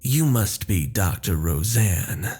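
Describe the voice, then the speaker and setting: A man's voice: fairly low pitch, lively intonation, slow, warm tone, husky, faint music behind, exaggerated voice. A man voicing a tall, sophisticated male butler who speaks formally with a slight Southern twang. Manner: refined, formal.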